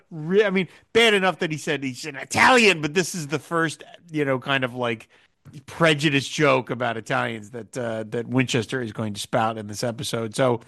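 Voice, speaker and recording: A man hosting a casual podcast chat, recapping a TV episode and acting out the quoted lines with frequent laughs. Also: medium pitch. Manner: animated, acts out quoted lines, laughs often. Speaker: podcast host.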